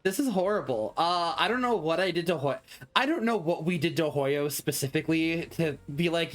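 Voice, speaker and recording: A man's voice: on the high side, animated, normal speed, soft background music. A young man streaming a video game live, reacting with dramatic, whiny, self-mocking commentary.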